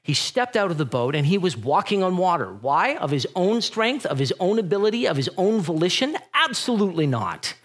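A middle-aged man preaching a sermon, telling stories with animated energy and acting out the voices of the people in them. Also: high voice, fairly quick, few pauses. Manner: animated storytelling, acts out voices in retellings. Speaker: pastor.

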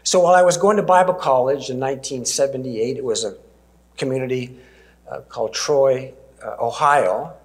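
Speaking in a mid-range voice, a man from Canada earnestly delivers a sermon full of stories. For emphasis he slows his pace and lowers himself almost to a whisper.

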